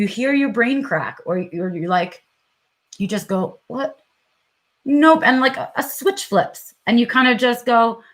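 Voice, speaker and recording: Candid, swearing New York woman vlogging. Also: medium pitch. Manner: candid and profane, with frequent fillers and acted inner monologue. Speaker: vlog host. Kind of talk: unscripted live vlog talk.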